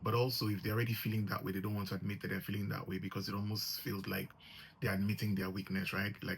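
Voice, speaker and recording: A man's voice: lowish voice, flat delivery, fast, creaky, a little hiss or hum. A man talking through a relationship issue in a casual, reflective monologue, earnest and often checking in with the listener. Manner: earnest, thinks aloud, often adds "right?". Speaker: relationship commentator.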